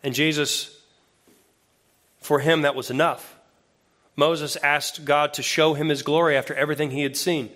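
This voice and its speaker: A man who is an associate pastor, preaching a sermon in a conversational way that grows lively when he quotes scripture. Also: fairly high pitch, moderate pace, pauses often.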